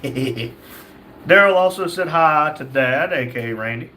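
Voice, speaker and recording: A man hosting a live stream, reading viewers' chat messages aloud and answering them in a relaxed, chatty way. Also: a little high, takes it slowly. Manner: reads chat names aloud, chatty and easygoing. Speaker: livestream host reading chat.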